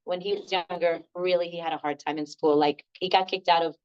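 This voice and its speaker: An older woman leading a laughter workshop, telling lively stories, laughing often and acting out the voices of the people in them. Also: on the low side, a little fast, clear, resonant tone, dull audio. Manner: animated, laughs often, acts out quoted voices. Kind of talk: storytelling workshop talk.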